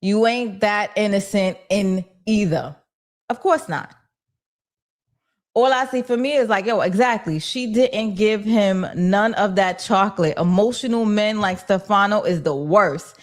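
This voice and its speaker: A young adult woman hosting a casual livestream, reading viewer comments aloud and answering in lively, slangy talk. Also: medium pitch, a little slow. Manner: animated and slangy, talks back to chat. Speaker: host of a TV recap livestream.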